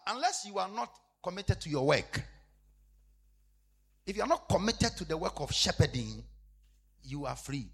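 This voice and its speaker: A man preaching a sermon as an apostle, repeating his phrases and swinging from shouted emphasis to low, quiet asides. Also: slightly rough.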